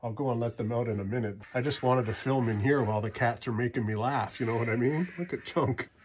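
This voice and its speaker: A man's voice: mid-range voice, quick pace, a little hiss or hum. A man, filming a casual farm vlog in a barn and chatting to the camera and his animals. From Canada. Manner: chatty, talks sweetly to his animals in a raised pet voice. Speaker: farmer and vlogger.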